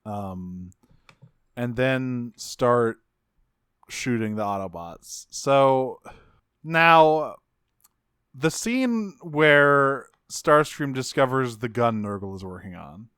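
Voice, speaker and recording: A man co-hosting a podcast, casually recapping a cartoon episode, animated, swearing and acting out quotes in jokey voices. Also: mid-range voice, very slow, smooth, no echo, clean studio sound. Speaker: podcast co-host.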